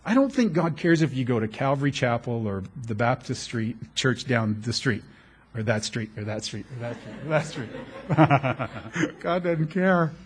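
A middle-aged man preaching a sermon as a pastor, animated and joking, with laughs along the way. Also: mid-range voice, breathy edge.

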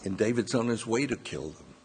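A man preaching a sermon, slowly retelling a scripture story and voicing its quoted dialogue. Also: lowish voice, animated, darkish tone, breathy edge. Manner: slow, measured retelling with quoted dialogue and self-corrections.

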